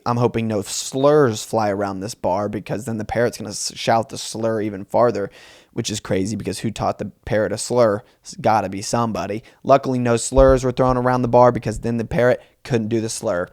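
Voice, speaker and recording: A man's voice: mid-range voice, no echo, clean studio sound. Young man telling a rambling comic story. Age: 20s. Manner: rambling, self-mocking and animated. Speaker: podcast host. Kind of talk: solo comedic storytelling podcast.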